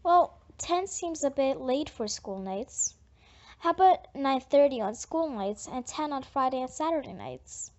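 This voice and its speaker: A woman voicing a protective middle-aged father who speaks calmly and steadily. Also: high-pitched, a little slow. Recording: dull lo-fi audiobook recording.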